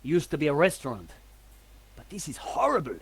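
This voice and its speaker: A husky, weary stall owner. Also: male voice, a little high, huge pitch swings, brisk, heavily acted. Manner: polite but reluctant, world-weary. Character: weary male stall owner nursing a headache.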